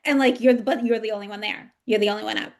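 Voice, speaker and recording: A woman's voice: mid-range voice, steady tone, rapid-fire, gravelly. A woman hosting a podcast, chatting casually in a rambling, enthusiastic way full of filler words. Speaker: podcast host.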